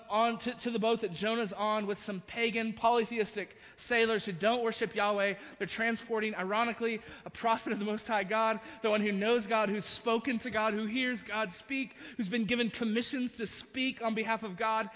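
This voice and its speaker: High bright pastor in a hall. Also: male voice, dull audio. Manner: storytelling with frequent restarts and asides. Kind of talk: sermon.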